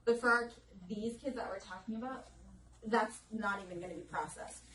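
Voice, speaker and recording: A woman's voice: a little high, normal speed, fairly bright tone, a little hiss or hum. A woman speech language pathologist giving a live lecture to an audience in a conversational way, now and then acting out what children and parents say. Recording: echoey room recorded from a distance.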